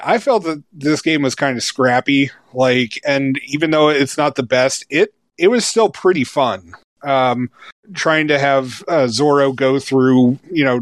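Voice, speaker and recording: Reviewing a video game in relaxed conversation, this thirtysomething podcast co-host and game reviewer rambles, restarts often, leans on fillers and laughs readily. He has a medium-pitched voice, recorded with no room sound.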